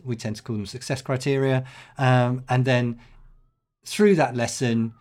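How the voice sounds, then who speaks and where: A middle-aged man, a headteacher, answering podcast interview questions in a thoughtful, measured way with frequent ums and restarts. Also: medium pitch, fairly even intonation, a little mellow.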